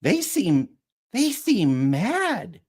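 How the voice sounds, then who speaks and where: A man voicing a chirpy, sing-song, excitable character in an audiobook, high and lively. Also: drawn-out words, husky, heavily acted. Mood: chirpy worried. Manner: giddy, wide-eyed.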